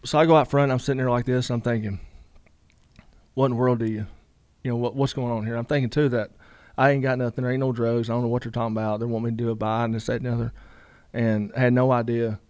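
A man's voice: mid-range voice, flat delivery, quick pace, darkish tone, clean tone, no room sound. A middle-aged man, telling a story casually in a rambling way, full of fillers and quoted dialogue. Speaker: guest.

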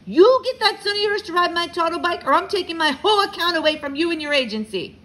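A blustering, impatient businessman acted out by a woman reading a children's book who raises his voice and barks orders. He is loud and pushy throughout. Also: very high-pitched, animated, fast, voice pushed up. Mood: angry. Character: impatient male toy-company client, hollering.

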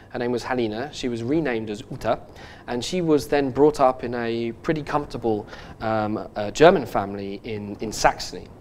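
A man hosting a podcast, telling a story in a halting, earnest way with many restarts and fillers. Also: mid-range voice, darkish tone. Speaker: podcast host. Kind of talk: casual podcast chat.

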